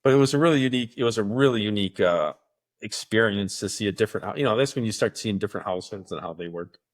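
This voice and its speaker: A man's voice: lowish voice, fast. A middle-aged man co-hosting a casual podcast, telling rambling stories and acting out the voices of people he quotes. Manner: rambling storyteller who acts out quoted voices. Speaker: podcast co-host. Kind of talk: casual chat.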